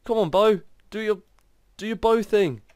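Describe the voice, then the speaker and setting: A man commenting on his video game play in an excitable, exclaiming way. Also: sits high, moderate pace, dry recording, clean studio sound. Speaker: gaming channel host. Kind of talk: gameplay commentary.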